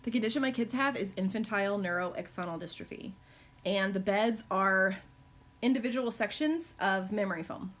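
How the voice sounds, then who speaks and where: A woman's voice: moderate pace, a bit bright. A middle-aged woman chatting casually on a live stream from her home, answering viewer questions with many ums and likes. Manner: high cooing baby talk to her dogs. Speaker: live-stream host and caregiver mom.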